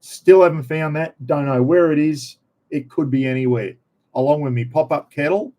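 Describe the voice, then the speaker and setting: A man's voice: fairly high pitch, moderate pace, mellow. A middle-aged man with an Australian accent, chatting casually as a vlogger in an easygoing, slangy, rambling way.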